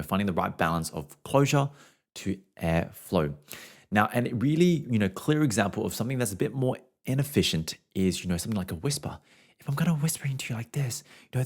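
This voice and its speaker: A man's voice: low voice, a little mellow. A young adult man, a voice teacher, explaining singing technique in a casual way and showing it with hums and short scales.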